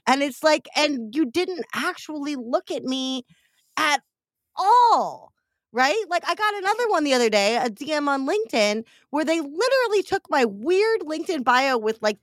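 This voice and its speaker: A woman in her forties hosting a podcast, chatting casually and acting out quoted messages with animated storytelling. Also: sits high, no room sound, studio quality. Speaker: podcast host. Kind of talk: casual chat.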